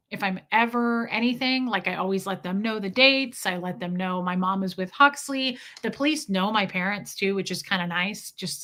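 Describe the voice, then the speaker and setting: Chatty woman with a bright voice. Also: medium pitch. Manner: chatty, thanks viewers mid-story, animated retelling. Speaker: livestream host. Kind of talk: casual livestream storytelling.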